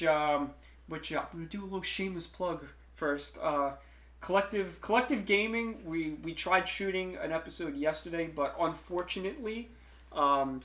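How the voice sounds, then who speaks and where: Podcast host, male, chatty and rambling, slightly high voice, echoey room. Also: fairly bright tone. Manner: rambling, lots of fillers and restarts. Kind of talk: casual chat. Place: room streamed live.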